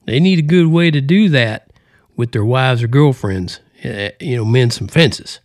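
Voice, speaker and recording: A man's voice: mid-range voice, expressive, unhurried, no room sound, studio quality. Joking man in a put-on Southern drawl. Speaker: podcast host. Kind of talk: folksy casual monologue.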